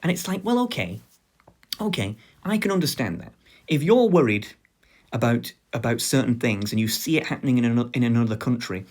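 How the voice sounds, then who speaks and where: A young British man giving a sarcastic commentary lecture, animated and stammering through restarts. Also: mid-range voice, a little fast. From Britain.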